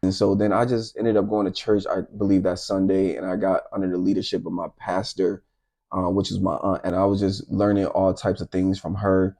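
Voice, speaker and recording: A middle-aged man telling a personal faith testimony in a casual, animated way, talking straight to his viewers. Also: deep voice, brisk. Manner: animated, addresses viewers directly. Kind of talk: casual storytelling to camera.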